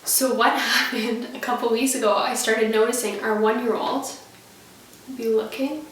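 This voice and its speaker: Woman, 30s, parenting vlog, casual, chatty, laughs often, higher pitch, very echoey room. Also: normal speed, slight background noise. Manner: chatty, laughing often, animated when quoting her kids. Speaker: parenting vlogger. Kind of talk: casual talk to camera. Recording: echoey room, a little far from the mic.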